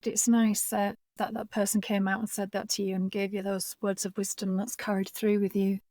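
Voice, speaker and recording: A woman leads an interview, asking career questions and backing her guest with steady murmurs of agreement. Her voice is mellow and warm, and the sound is dry and close. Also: mid-range voice, normal speed, no echo. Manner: encouraging, with frequent affirming murmurs.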